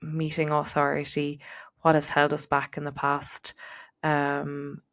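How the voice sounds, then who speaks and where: A middle-aged woman with a low, deep-set voice talks through coaching advice for her podcast. She speaks in a casual, reflective way, circling back with fillers and repeated words as she thinks aloud. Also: monotone, takes it slowly, a bit bright. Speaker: podcast host and transition coach.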